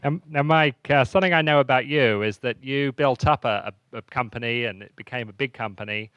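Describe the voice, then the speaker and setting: A male moderator with a smooth, resonant voice puts questions to the panel, pausing on fillers as he goes. The sound is dry and a little dull, like lo-fi audio. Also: mid-range voice, a bit bright, no room sound. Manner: asking questions with hesitant fillers.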